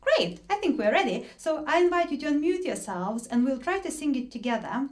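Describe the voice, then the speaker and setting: A woman's voice: sits high, very animated, fairly quick. A woman leading an online singing workshop over a video call, explaining patiently with frequent fillers and restarts.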